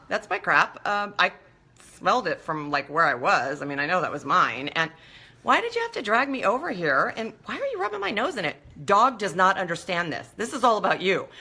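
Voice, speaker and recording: Woman hosting a pep-talk show, bright tense voice, swoops up and down a lot, playful. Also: on the low side. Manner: animated, playful, acts out little voices. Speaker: show host. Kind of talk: motivational talk show monologue.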